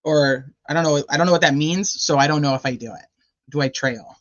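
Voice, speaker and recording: A woman with a low, brisk voice hosts a casual live stream, rambling along and greeting chat viewers by name. The stream audio sounds dull and lo-fi.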